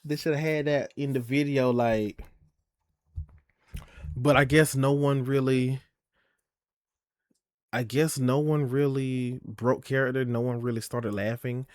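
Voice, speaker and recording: A man's voice: mid-range voice, steady tone, unhurried, long pauses, darkish tone, dry recording. Sassy chatty young man streaming. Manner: sassy, chatty, swearing, calls chat "girl" and "y'all". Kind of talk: casual live-stream chat.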